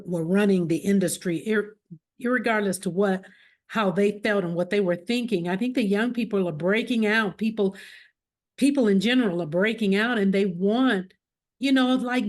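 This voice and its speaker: A woman hosting an interview, agreeing readily and thinking aloud with hesitant restarts. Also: medium pitch. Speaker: interviewer, co-host. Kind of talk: casual interview conversation.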